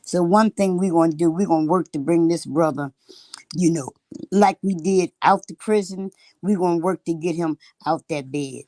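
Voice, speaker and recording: A woman's voice: lowish voice, moderate pace, mellow, no room sound. Older woman speaking plainly. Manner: earthy, plainspoken, laughs easily. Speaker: activist guest. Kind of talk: casual call remarks. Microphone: video call.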